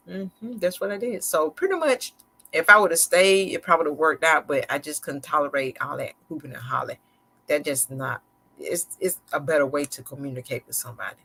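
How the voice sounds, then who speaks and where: A woman's voice: deep voice, animated, brisk, creaky, bright, forceful tone, husky. A chatty woman talks straight to her live-stream viewers, candid and a little sarcastic. Her phrasing is loose and repetitive, full of restarts. She sounds casual and unscripted, like she is confiding in them. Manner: candid, conversational, a bit sarcastic and slick. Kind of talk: casual personal storytelling to viewers.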